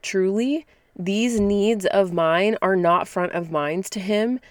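A woman's voice: mid-range voice, slow pace, dry recording. Woman, thirties, podcast host, casual and direct, laughs often, dry sound. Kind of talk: casual motivational talk.

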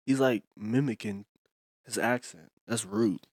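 A man co-hosting a podcast, teasing and joking in casual chat. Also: lowish voice. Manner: teasing, quick jokes. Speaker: podcast co-host.

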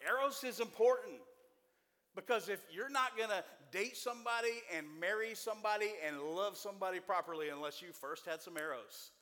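A man in his forties preaching a sermon to a church congregation, folksy and joking, with animated delivery. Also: high-pitched, fairly quick, big-room sound. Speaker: pastor.

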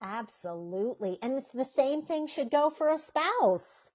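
An animated storyteller, a middle-aged woman chats casually on her podcast and acts out everyone's voices. She has a high voice and an unhurried delivery. The audio is dull.

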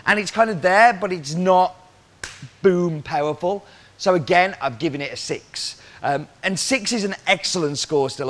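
A man's voice: fairly high pitch, a bit bright. A man working as a coffee roaster, explaining cupping scores and roasting, talking through questions aloud as he goes.

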